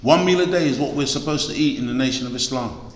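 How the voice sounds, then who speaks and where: This mid-range male voice moves fast as he delivers a sermon to his congregation, exhorting them emphatically and hammering key words through repetition. The speaker is a preacher or lecturer, heard in a large hall whose echo leaves a long reverb on the recording.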